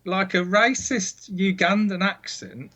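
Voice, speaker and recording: A man with a somewhat high voice co-hosts a casual podcast. He tells stories chattily, adding asides as he goes. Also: takes it slowly, sharp tone. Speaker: podcast co-host. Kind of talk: casual chat.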